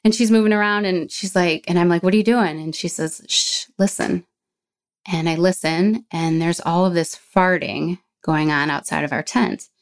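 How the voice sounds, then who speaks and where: A woman guest in a casual interview, telling a personal story in an animated way, acting out what people said and slowing down when she gets emotional. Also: on the low side. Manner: animated storyteller, acts out quoted voices, slows down when emotional.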